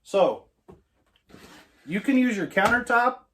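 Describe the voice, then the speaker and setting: A man's voice: high-pitched, animated, takes it slowly, a bit bright, slight background noise. Folksy man joking through a cooking demo. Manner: joking, folksy, self-mocking. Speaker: homestead cooking host. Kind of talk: casual cooking demonstration. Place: home kitchen.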